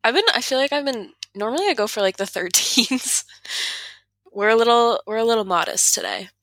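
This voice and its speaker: Young woman, twenties, casual chat, giggly, bright voice, dry close sound. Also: a little high, animated, brisk, dry recording. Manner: giggly, laughs often while talking. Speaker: podcast co-host.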